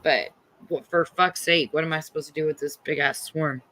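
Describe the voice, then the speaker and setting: A middle-aged woman hosting a livestream, telling a story in a casual, animated and profane way. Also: low-pitched, moderate pace. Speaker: livestream host.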